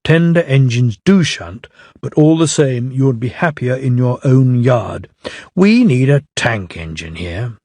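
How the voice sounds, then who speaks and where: A man's voice: mid-range voice, lively intonation, unhurried, a little mellow, no echo. A man voicing a stern, fussy male railway boss in a storybook reading, speaking severely but with kindness.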